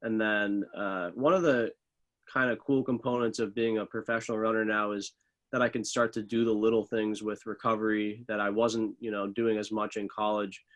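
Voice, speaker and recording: A young man with a fairly low voice talks through his training in an easygoing way. He drifts along with lots of "like" and "uh". The tone stays casual and unhurried, like a friendly interview. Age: young adult. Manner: relaxed, loose, many fillers like "like" and "uh". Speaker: professional middle distance runner, guest.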